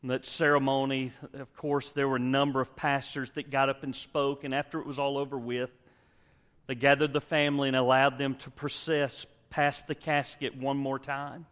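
A male pastor preaching a sermon and leading a closing prayer, emphatic, swinging from loud exhortation to hushed tones. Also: medium pitch, flat delivery, normal speed. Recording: long hall reverb.

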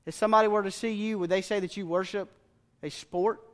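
High-voiced male preacher in a reverberant church. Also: fairly quick. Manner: animated storytelling with plain Southern phrasing. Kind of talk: sermon. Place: church sanctuary. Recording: long church reverb with faint music.

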